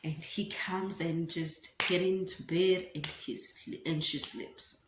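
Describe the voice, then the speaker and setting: South African woman vlogger, unhurried, echoey room with light background noise. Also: fairly low pitch. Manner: animated storytelling, mixing in isiZulu words. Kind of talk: storytime vlog. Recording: roomy room with faint ambient noise.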